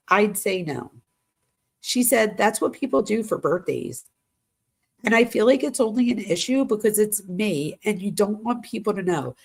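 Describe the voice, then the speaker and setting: A woman's voice: medium pitch, vocal fry, slightly rough. A woman hosting a true crime channel, reading text messages aloud in a casual way, talking straight to her viewers and reacting as she goes. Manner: casual, addresses viewers directly, reacts to what she reads. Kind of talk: reading texts aloud with commentary.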